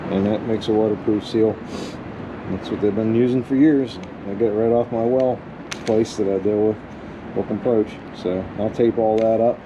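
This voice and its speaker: A man's voice: lowish voice, fairly even intonation, normal speed, lo-fi sound, background noise. A man vlogging his house restoration, narrating casually and wryly to viewers while he digs and works outdoors. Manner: folksy, wry and self-deprecating, talks to viewers mid-task. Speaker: DIY home restoration vlogger. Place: outdoors at a house and well house, digging.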